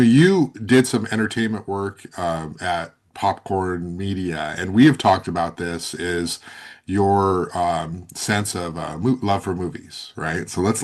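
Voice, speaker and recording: A man hosting a podcast interview, encouraging and halting as he frames questions. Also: low voice. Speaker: podcast host. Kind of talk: casual interview.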